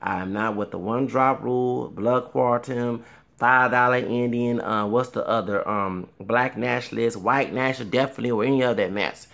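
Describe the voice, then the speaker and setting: A man's voice: medium pitch, moderate pace, vocal fry, a bit bright. A man in his thirties talking casually to camera, rambling with repeated words and frequent fillers. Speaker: vlogger.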